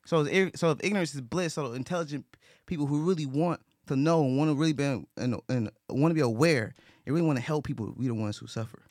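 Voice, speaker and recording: Recorded in studio quality without room sound, a man with a fairly high, slightly mellow voice talks fast. It's casual, earnest conversation marked by repetition, restarts, and cursing.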